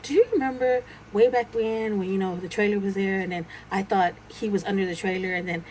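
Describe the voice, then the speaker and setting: A woman's voice: mid-range voice, fairly quick, slight background noise, rough recording. A woman casually telling a true ghost story, acting out the dialogue as she goes. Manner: animated retelling, acting out quoted dialogue.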